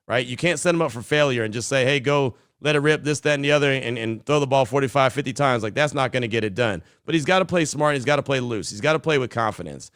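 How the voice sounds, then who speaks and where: A man hosting a sports call-in podcast, talking fast and chatty as he answers callers and reads texts. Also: medium pitch, fairly bright tone, no echo, studio quality. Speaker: podcast host.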